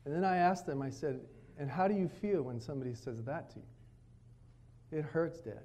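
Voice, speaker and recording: Male pastor, slightly high-pitched, animated sermon delivery with family anecdotes. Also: normal speed. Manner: storytelling preacher, animated, quotes his kids. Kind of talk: sermon at a retreat. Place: retreat meeting room.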